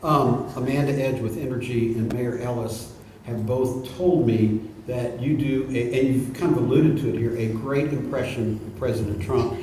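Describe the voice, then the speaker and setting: A man's voice: mid-range voice, steady tone, moderate pace, warm tone, slight background noise. A male interviewer asking questions hesitantly, with restarts. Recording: distant mic in a very echoey room.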